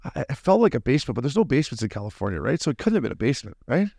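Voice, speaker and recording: A man in his forties, a former hockey player co-hosting a podcast, telling stories in a lively, casual way and acting out quotes. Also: medium pitch, creaky, no echo, studio quality. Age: 40s. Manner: fast, animated storyteller who acts out quotes. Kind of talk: casual storytelling chat.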